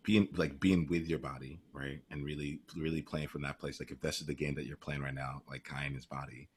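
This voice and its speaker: A man's voice: extremely low pitch, steady tone, a little fast, a little hiss or hum. A man coaching live, asking curious, probing questions with many fillers and restarts. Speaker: life coach.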